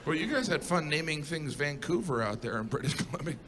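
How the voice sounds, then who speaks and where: Wry stand-up comedian with a lively voice. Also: male voice, fairly high pitch, fairly quick, noisy background. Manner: wry, observational, animated. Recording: live comedy stage with audience laughter.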